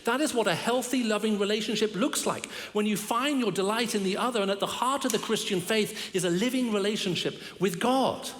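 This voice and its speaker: A middle-aged man giving a sermon as a guest preacher, telling stories with humor and wry asides about himself. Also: sits high. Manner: storytelling with humor and self-deprecating asides. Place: large church hall. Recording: long reverb of a big hall.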